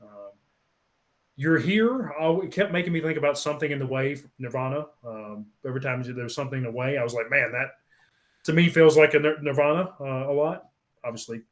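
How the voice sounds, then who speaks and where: A man talks his way through an album song by song, stopping often with ums and uhs. He sounds relaxed and chatty, like a regular co-host of a casual podcast. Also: medium pitch. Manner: rambling, many ums, lists songs one by one. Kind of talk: casual album review chat.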